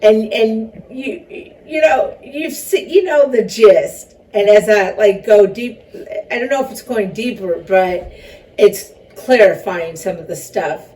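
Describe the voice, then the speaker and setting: With an animated, mellow mid-range voice, this woman talks unhurriedly about her film and one-woman show during a casual interview. She's chatty and rambling, breaking into self-conscious laughs. The mic is distant, and faint background noise comes through.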